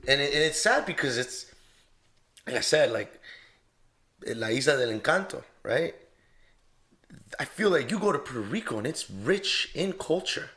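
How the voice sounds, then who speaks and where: A man's voice: fairly high pitch, big pitch swings, moderate pace, long pauses, fairly bright tone. A man hosting a podcast, responding earnestly and reflectively in casual chat. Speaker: podcast host.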